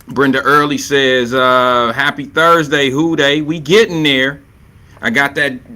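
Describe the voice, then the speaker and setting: A man's voice: medium pitch, steady tone, unhurried, pushed and bright. A man hosting a live stream talk show, chatting loosely with viewers and reading their comments, playful and prone to repeating his catchphrases.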